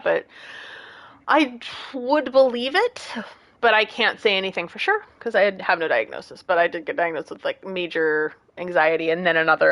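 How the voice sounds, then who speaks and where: A woman in her late thirties with a mid-range, fairly bright voice chats casually with her stream audience. She rambles from one story to the next, laughing often and going off on rants.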